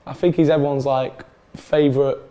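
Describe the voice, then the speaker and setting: A man's voice: mid-range voice, level tone, a little fast, dark tone. A man talking casually about a live football match as a fan, easygoing and laughing along, often restarting his sentences. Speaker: Burnley fan co-host.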